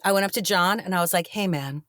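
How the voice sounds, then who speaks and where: A middle-aged actress in a casual interview, telling stories and acting out the voices of the people in them. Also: female voice, fairly low pitch, quick pace, no echo, studio quality. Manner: animated, acts out quoted dialogue. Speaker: actress guest.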